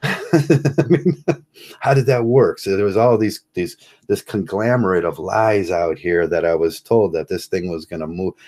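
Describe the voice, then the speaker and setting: Low-voiced man, sarcastic and chuckling. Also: a little mellow. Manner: sarcastic, chuckling, rambling with restarts. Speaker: vlogger. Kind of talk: casual monologue rant.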